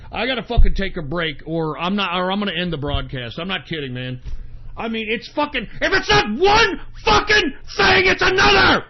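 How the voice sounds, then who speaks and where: A man's voice: high voice, lo-fi sound. A man hosting an internet radio show, venting in an exasperated, profane rant with sudden outbursts. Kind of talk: angry solo on-air rant.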